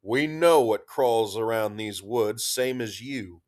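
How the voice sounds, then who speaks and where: A man's voice: mid-range voice, animated, measured pace, pitched above the performer's own voice, lightly acted. A man voicing a brash, friendly woman sergeant who teases and gives orders. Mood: firm. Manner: teasing, bossy.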